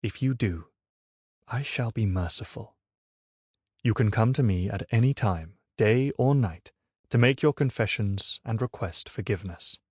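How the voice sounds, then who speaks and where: A man's voice: on the low side, a little mellow, no room sound, clean studio sound. A man voicing a zealous Dominican friar and inquisitor in an audiobook, roaring hellfire threats and at times feigning sweetness. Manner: roaring hellfire preaching, then falsely sweet.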